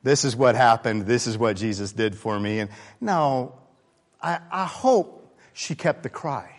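A man preaching a sermon in a conversational, candid way, swinging between loud emphasis and quiet asides. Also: medium pitch, animated, a little slow. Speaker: pastor.

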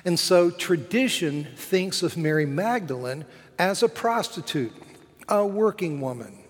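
A man, a cathedral dean, preaching a sermon in slow, measured phrases with emphatic rises. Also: high-pitched, animated, breathy edge. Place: large cathedral. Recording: long hall reverb.

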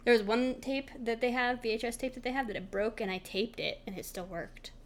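Higher-pitched animated woman storyteller. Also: fairly quick. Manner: animated storyteller, mimics voices with big pitch jumps. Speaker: podcast co-host. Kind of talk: casual chat.

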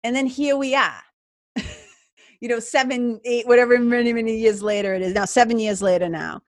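A middle-aged woman talks with a bright, somewhat high voice, acting out her own past thoughts and laughing as she tells a story. Her voice sits close and dry, with no room sound around it. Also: fairly even intonation, normal speed, no echo. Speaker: guest. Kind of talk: podcast interview storytelling.

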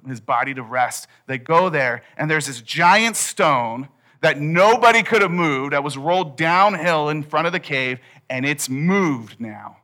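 Male pastor, fairly high and bright voice, casual storytelling sermon.

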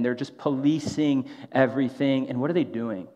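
A pastor delivers a sermon in a relaxed, conversational style, frequently dropping in a rhetorical "right?". His voice is medium-pitched and warm, and he talks a little fast. The recording sounds dull and lo-fi, with a long hall reverb.

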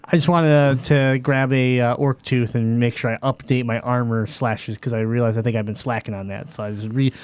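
A man's voice: mid-range voice, fairly even intonation, moderate pace, hardly any pauses, a little mellow, clear, resonant tone, no room sound. A man playing a tabletop game, describing his character's actions in a wry way. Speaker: player. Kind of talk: casual tabletop play.

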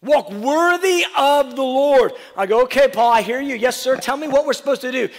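A man preaching a sermon as a pastor, acting out back-and-forth dialogue and swinging between loud urgent lines and hushed ones. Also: extremely high pitch, normal speed, big-room sound. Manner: acts out dialogue with the apostle in different voices.

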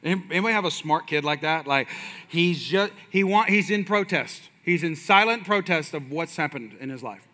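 A man's voice: fairly high pitch, animated, normal speed, sharp tone. A man in his thirties preaching a sermon with passion and energy, mixing in folksy asides. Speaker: pastor.

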